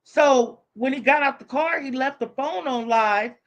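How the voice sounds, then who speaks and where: A woman's voice: sits high, measured pace. A woman live streamer telling a story in casual, profane talk, acting out the voices of the people she quotes.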